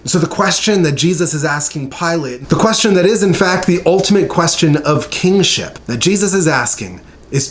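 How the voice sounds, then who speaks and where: A man teaching a short Bible study, reading scripture aloud in an earnest, measured way with emphatic pauses. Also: on the high side, expressive.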